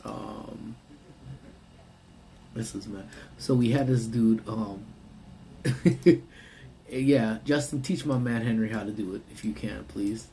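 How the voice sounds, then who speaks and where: A man's voice: lowish voice, unhurried, warm tone, slight background noise. A man hosting a casual live stream from his parked car, rambling and answering his chat. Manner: laid-back, rambling, reads and answers chat. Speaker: livestream host.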